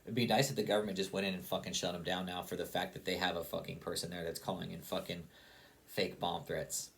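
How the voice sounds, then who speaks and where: A man with a fairly low voice rants in a casual, heated way, full of swearing. He keeps hammering the same points over and over, as if talking straight to his audience. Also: flat delivery, fast, vocal fry, fairly bright tone. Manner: heated, profane, repetitive. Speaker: online commentator. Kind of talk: casual profane rant.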